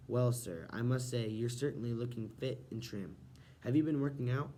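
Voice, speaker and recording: A man reading an audiobook, voicing a smug teenage boy who is falsely cheerful and flattering. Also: medium pitch, normal speed, slight background noise, close to an everyday voice.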